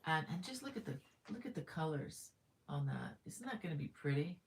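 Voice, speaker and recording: A middle-aged woman with a low-pitched voice hosts a casual live stream. She chats in an upbeat way and greets viewers one by one. She fills her talk with ums and stops to correct herself. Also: sing-song, fairly quick. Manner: frequent ums and self-corrections. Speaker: crochet livestream host.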